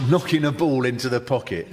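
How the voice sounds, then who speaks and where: An English man performing stand-up comedy to a live audience, telling stories with lively shouted bursts. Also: medium pitch, normal speed, heavy background noise. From England. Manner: lively storytelling, breaks into shouted impressions. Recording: reverberant hall with audience.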